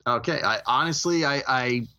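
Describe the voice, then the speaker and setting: A man's voice: medium pitch, moderate pace, pushed and bright. A man co-hosting a movie podcast, ranting animatedly about a pet peeve and acting out quoted lines. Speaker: podcast co-host. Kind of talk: casual podcast chat. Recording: dull lo-fi audio.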